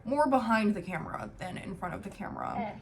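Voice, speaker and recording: A young woman vlogging at home, talking openly and thoughtfully with lots of casual fillers. Her voice sits at an ordinary middle pitch, and a faint hum of noise runs under the recording. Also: expressive, brisk, gravelly, a little mellow. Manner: candid, reflective, many "um" and "like" fillers. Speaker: family vlogger. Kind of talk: casual talk to camera. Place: home, with a baby in her arms.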